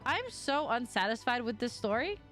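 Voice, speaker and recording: A woman's voice: fairly high pitch, expressive, moderate pace, a bit bright, soft background music. A woman streaming a game live, chatting casually, joking with her chat and laughing often. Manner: playful, laughs often, teasing banter with chat.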